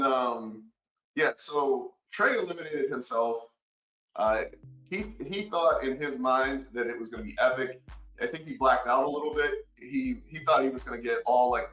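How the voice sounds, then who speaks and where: A man guest on a podcast, casually recounting events and acting out quoted lines with sudden jumps in pitch. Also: echoey room, far from the mic, low-quality recording. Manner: animated, acts out quotes with big pitch jumps. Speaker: podcast guest, former contestant. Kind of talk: casual storytelling.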